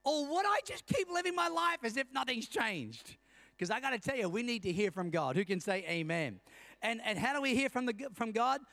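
A man's voice: extremely high pitch, fairly bright tone, dry recording. A middle-aged man preaching a sermon as senior pastor, telling stories and calling for amens from the congregation.

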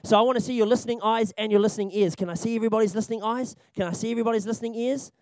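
This church training talk on children's ministry comes from a young man whose voice is strikingly high and whose delivery is rapid-fire. He's animated and jokey, laughing often and repeating key points for emphasis. The sound is close and dry, free of any room sound.

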